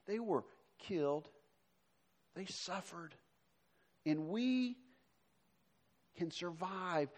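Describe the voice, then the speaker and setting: A male pastor, middle-aged, preaching a sermon, moving between emphatic lines and soft, hushed passages. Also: high-pitched.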